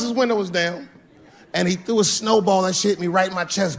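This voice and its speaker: A man's voice: high-pitched, normal speed, vocal fry. A man doing stand-up comedy, telling long stories in a loose, conversational way with profane punchlines. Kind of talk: stand-up storytelling. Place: stage before a live audience.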